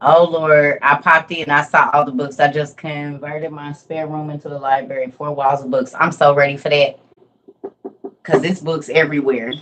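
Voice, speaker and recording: A woman's voice: deep voice, normal speed, rough recording. A middle-aged woman, hosting a casual livestream from home, telling stories with lots of laughter before a Bible message. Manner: animated storyteller, laughs often. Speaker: livestream host and Bible teacher.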